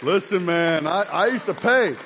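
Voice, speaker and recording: A man preaching a lively sermon to a congregation, joking and rousing the crowd. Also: high voice, normal speed, slight background noise. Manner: joking, energetic, shouts to rouse the crowd. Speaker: pastor.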